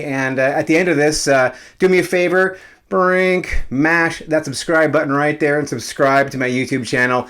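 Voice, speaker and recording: A man's voice: fairly high pitch, fairly even intonation, moderate pace, a bit bright, clean tone. Chatty man in his fifties, a little winded. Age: 50s. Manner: chatty, rambling, many fillers. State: slightly out of breath. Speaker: realtor. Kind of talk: casual vlog monologue. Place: home after a workout.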